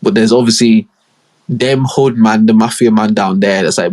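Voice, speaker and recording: A man's voice: on the low side, steady tone, moderate pace, darkish tone. A young man hosts a podcast alone and tells a rambling, profane story full of street slang. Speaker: podcast host. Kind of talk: casual solo podcast storytelling.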